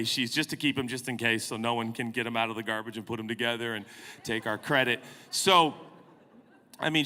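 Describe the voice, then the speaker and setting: A man's voice: mid-range voice, bright, forceful tone. A man in his forties, a pastor telling a comic, self-mocking story during a sermon. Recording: long hall reverb.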